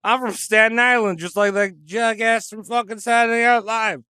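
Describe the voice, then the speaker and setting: A man's voice: high-pitched, steady tone, moderate pace, pushed and bright, clear, resonant tone, no echo, studio quality, voice pushed up. A man putting on a rowdy male New York performer with a Brooklyn accent, crude and bragging. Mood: boastful. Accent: Brooklyn put-on.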